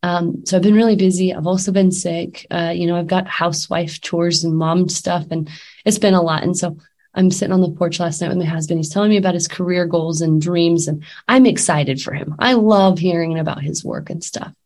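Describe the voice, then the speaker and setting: A woman in her thirties speaks as a life coach in a candid, conversational way, full of fillers and self-corrections. Her voice sits a little low, and she sounds slightly under the weather. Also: fairly even intonation, a little fast, a little mellow. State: a little sick. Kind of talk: casual talk to camera.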